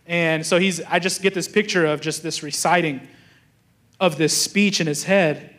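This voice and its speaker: At normal speed and with a steady tone, a young adult man preaches in a high-sitting, slightly bright voice. As a pastor, he tells his sermon's stories casually, performing the thoughts of the people in them and often starting over.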